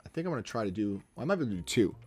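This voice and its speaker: A man's voice: fairly low pitch, very animated, racing, a little mellow, slightly rough. A man chatting casually on a live stream as he edits photos and talks himself through each step.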